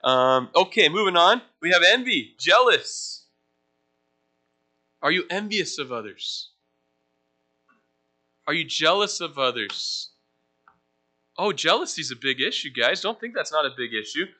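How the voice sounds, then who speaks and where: A young male pastor gives a casual teaching sermon in a church, his fairly high voice pushed and bright, very animated yet unhurried, pausing often. He chats with the congregation conversationally, asks the room questions, and makes self-deprecating asides.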